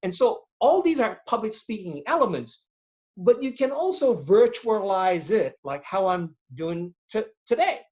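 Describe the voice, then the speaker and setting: Animated man giving webinar advice. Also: sits high, a little slow, highs cut off. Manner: animated, demonstrates tones and voices while explaining. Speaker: guest speaker on presentation skills. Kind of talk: webinar interview answers. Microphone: video call.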